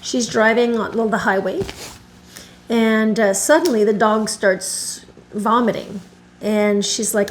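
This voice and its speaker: A woman's voice: mid-range voice, fairly even intonation, takes it slowly, a little hiss or hum, rough recording. A woman dog groomer telling a long story in a rambling, self-correcting way while she works in her home grooming room, stopping now and then to soothe the dog. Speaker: dog groomer and video host.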